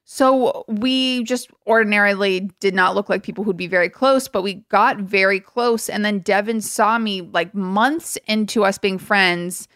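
A woman's voice: mid-range voice, unhurried, few pauses, fairly bright tone, smooth, no room sound, studio quality. A young woman co-hosting a podcast in casual chat, wry and self-deprecating, telling stories dramatically. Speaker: podcast co-host.

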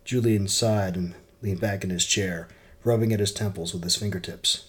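A man narrating a story aloud in a plain, steady way. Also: low-pitched, moderate pace. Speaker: audiobook narrator.

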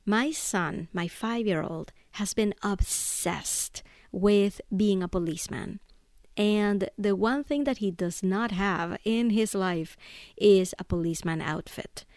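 Woman podcast host, 30s, chatty solo storyteller, mid pitch, dry close sound. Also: slow pace, a little mellow, no echo. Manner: chatty storyteller, keeps asking "right?". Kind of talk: casual solo monologue.

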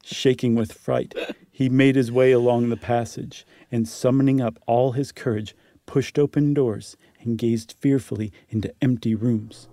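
A man's voice: mid-range voice, fairly even intonation, measured pace, dark tone, no echo, studio quality. A man co-hosting a podcast, recapping and reading a ghost story aloud in an upbeat, chatty way. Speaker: podcast co-host and reader.

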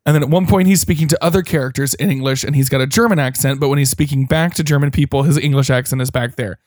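A man's voice: medium pitch, fast talker, a little mellow, no echo, clean studio sound. A man co-hosting a podcast, casually recapping a movie with wry asides and playful commentary. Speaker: podcast co-host.

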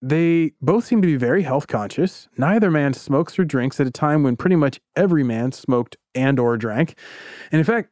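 A man's voice: fairly high pitch, animated, moderate pace, darkish tone, no room sound, studio quality, lightly acted. A man doing a musing, observant writer.

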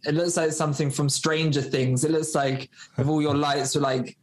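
A man's voice: on the high side, level tone, normal speed. A man, a podcast guest, telling a personal story in a loose, rambling way, full of fillers and acted-out dialogue. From United Kingdom. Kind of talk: storytelling in a casual interview.

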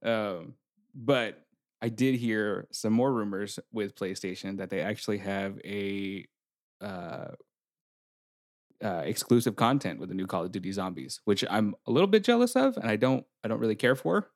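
A man's voice: lowish voice, expressive, moderate pace, no room sound, clean studio sound. A man co-hosting a casual gaming podcast, joking and teasing his co-hosts. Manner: joking, teasing, laughs often. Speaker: podcast co-host.

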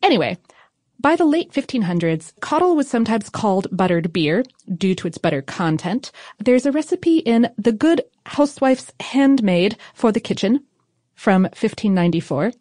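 A woman's voice: medium pitch, big pitch swings, normal speed, darkish tone, no echo, clean studio sound. A woman co-hosting a podcast who explains food history in a chatty, informal way, with fillers and small laughs. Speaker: podcast co-host. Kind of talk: casual chat explaining history.

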